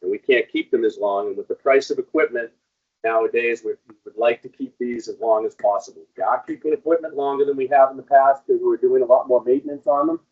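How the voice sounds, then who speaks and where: A man talks staff through a piece of equipment in a loose, rambling way, dropping plenty of ums as he goes. His voice sits at an ordinary middle pitch. The audio is dull and lo-fi. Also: fast, slightly rough. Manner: casual, rambling, frequent ums. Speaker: equipment trainer. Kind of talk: hands-on equipment training.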